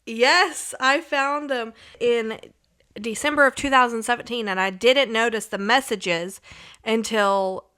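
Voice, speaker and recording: A woman's voice: fairly high pitch, a little slow, pushed and bright, smooth. A young woman hosting a podcast, telling a story in a chatty way with lots of "like" fillers and reading out old text messages. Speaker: podcast host. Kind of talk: casual storytelling.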